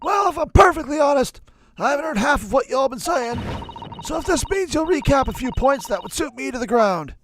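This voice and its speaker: A man voicing a timid, high-voiced male juror. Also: lively intonation, brisk, a bit bright, slight background noise, heavily acted. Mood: sheepish.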